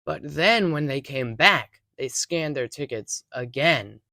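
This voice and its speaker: A young adult theater worker narrating casual workplace stories in an animated, wry way. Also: medium pitch, slow pace, dry recording.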